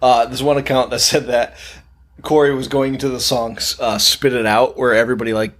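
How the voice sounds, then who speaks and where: A man's voice: medium pitch, little pitch movement, brisk, a bit bright. A man co-hosting a horror movie podcast, telling stories in casual chat, swearing and laughing often. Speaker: podcast co-host.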